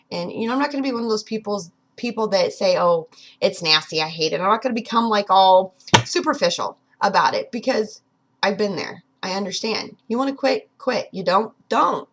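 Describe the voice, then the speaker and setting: A woman's voice: medium pitch, lively intonation, moderate pace. A woman in her thirties talking earnestly and directly to viewers in a motivational personal vlog. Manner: earnest, pep-talk, addresses viewers directly. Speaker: vlogger.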